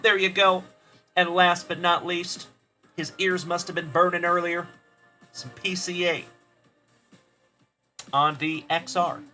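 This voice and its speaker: Upbeat guy hosting a card rip stream, slow easy pace, calling out chat names, faint music behind. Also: sits high, little pitch movement, pushed and bright. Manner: upbeat, friendly, greets viewers by name. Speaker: host of a trading card break livestream. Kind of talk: livestream chat shout-outs.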